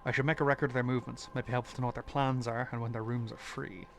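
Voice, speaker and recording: A man's voice: medium pitch, flat delivery, very fast, creaky, noisy background. A man streaming a mystery game, reading its dialogue aloud and thinking aloud in a conversational way.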